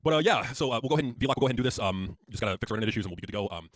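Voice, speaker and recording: A man's voice: medium pitch, expressive, racing, no echo, clean studio sound. A man co-hosting a casual wrestling news stream, rambling with lots of fillers and casual swearing. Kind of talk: casual chat and news talk.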